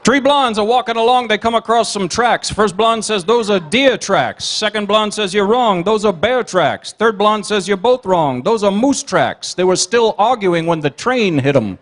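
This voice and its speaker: A man working as comedian and emcee at a banquet, telling quick one-liners and teasing the audience. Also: high-pitched, animated, a bit bright. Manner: rapid one-liners with teasing crowd work. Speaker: comedian and emcee at a gala dinner. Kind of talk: stand-up joke routine. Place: banquet hall.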